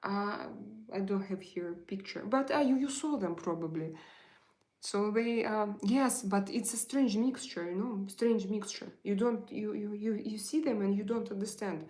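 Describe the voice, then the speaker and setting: A middle-aged woman from Russia with a Russian accent, hosting a casual live chat, pausing often and searching for her words. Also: mid-range voice, warm tone, rough recording. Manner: halting, searching for words, many fillers. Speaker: livestream host.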